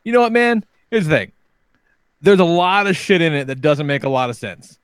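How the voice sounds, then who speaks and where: A man chatting casually as a podcast host, telling profane, animated stories about being a father. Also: fairly high pitch, normal speed, clear, resonant tone, dry recording. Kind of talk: casual chat.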